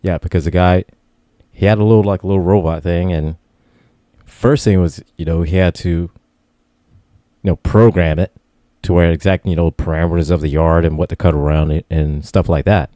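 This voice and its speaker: A man's voice: low voice, steady tone, normal speed, mellow, no room sound, studio quality. A man co-hosting a casual podcast chat, rambling in an easygoing way with lots of fillers. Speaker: podcast co-host.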